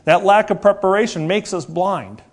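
This sermon comes from a high-voiced man in his forties who speaks earnestly and repeats himself. He asks rhetorical questions and slows down to lean on key words.

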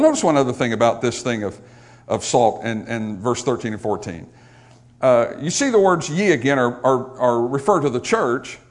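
A middle-aged man preaching a sermon to his congregation, folksy and joking, swinging between soft asides and loud emphatic points. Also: a little high. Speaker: pastor.

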